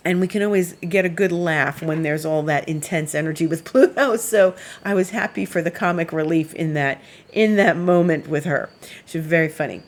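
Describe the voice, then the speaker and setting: Astrologer woman with a low voice, rambling easy forecast talk. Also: moderate pace. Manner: chatty and meandering, laughs while telling stories. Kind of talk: casual weekly astrology forecast.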